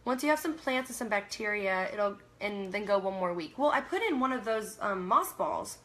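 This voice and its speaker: A woman's voice: medium pitch, big pitch swings, moderate pace, fairly bright tone. A young woman from Canada hosting a casual livestream, reading viewer comments aloud, laughing often and trailing off mid-sentence. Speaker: livestream host.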